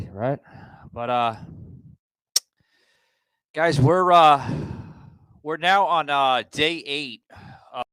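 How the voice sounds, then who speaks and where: A man's voice: mid-range voice, fairly bright tone, clean tone, dry recording, rough recording. A man hosting a political podcast from a hotel room, out of breath and rambling with many fillers and restarts. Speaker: podcast host. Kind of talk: casual political commentary. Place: hotel room with sound panels.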